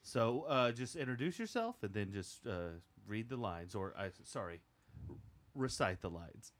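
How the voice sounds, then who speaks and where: A man hosting an improv comedy show, playing a patient casting director with dry, deadpan, coaxing delivery. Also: fairly low pitch, moderate pace. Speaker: host.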